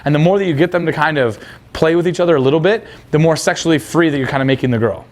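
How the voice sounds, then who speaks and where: A man's voice: a little high, very fast. A young man coaching on dating, blunt and crude, acting out quoted dialogue. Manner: blunt, casual, crude slang. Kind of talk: coaching talk.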